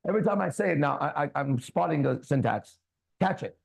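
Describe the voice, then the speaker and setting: A man hosting a casual talk show, animated, preachy and swearing freely. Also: on the high side, brisk, gravelly. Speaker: podcast host. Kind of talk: casual chat.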